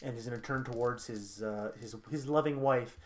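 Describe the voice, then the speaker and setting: A man's voice: mid-range voice, normal speed, slight background noise. A man narrating as game master of a tabletop role-playing game, describing scenes and prompting the player. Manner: narrates actions, slips into character quotes.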